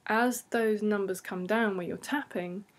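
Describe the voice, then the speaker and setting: A woman practitioner giving slow, soothing guided tapping instructions, repeating gentle phrases. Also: mid-range voice.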